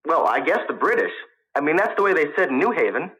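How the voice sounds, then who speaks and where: A man's voice: fairly high pitch, big pitch swings, quick pace, bright, forceful tone, dull audio. A man reading aloud, voicing a nervous, argumentative young college student who keeps defending himself. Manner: eager, defensive.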